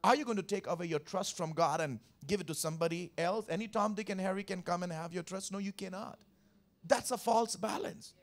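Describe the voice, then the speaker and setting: Speaking a little fast in a high voice, a male pastor preaches on Sunday. He is emphatic and repetitive, echoing key phrases, calling out to the congregation for responses and working through scripture verse by verse.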